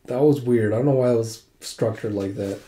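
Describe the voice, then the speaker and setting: A man's voice: medium pitch, brisk, warm tone. A man casually retelling a comic as he reads it, rambling and filling gaps with "like". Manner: rambling, full of "like". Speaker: host reading a comic aloud. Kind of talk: casual readthrough narration. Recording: roomy echo.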